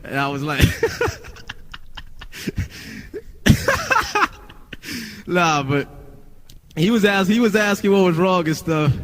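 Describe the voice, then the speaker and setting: A man's voice: sits high, moderate pace, slight background noise. A male rapper telling a story in a casual, rambling, profane way, full of "you know". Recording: long reverb.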